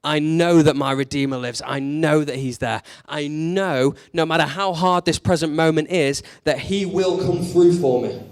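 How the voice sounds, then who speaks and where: A man's voice: fairly high pitch, moderate pace, hardly any pauses, dry recording, clean studio sound. A man preaching a sermon in a conversational, candid way, leaning into emphatic rhetorical questions.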